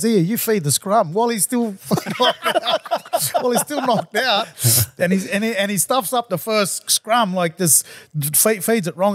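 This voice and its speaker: A podcast host in full storytelling flow, animated and laughing as he goes. His voice sits a little high, and the sound is close and dry with no room around it. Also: no echo. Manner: animated yarn-spinner, laughs through stories. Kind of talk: casual storytelling chat.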